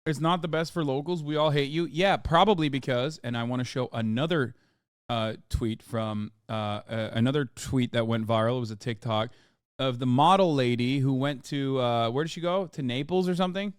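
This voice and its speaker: A man hosting a live-stream reaction, talking in an animated, profane, ranting way. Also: mid-range voice, normal speed, smooth, no room sound, studio quality. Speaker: streamer host.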